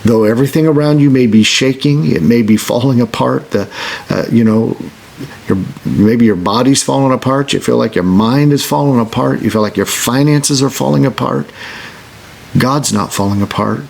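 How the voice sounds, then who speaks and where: A man preaching a sermon as pastor, earnest, restarting phrases and slowing down on scripture. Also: medium pitch, vocal fry, darkish tone. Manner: earnest, repeats words when starting a phrase.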